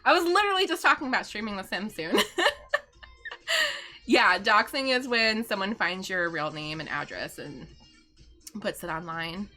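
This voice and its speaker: A woman's voice: medium pitch, lively intonation, normal speed, pauses often, pushed and bright. A middle-aged woman streaming live from home, chatting casually, answering viewer questions and laughing often.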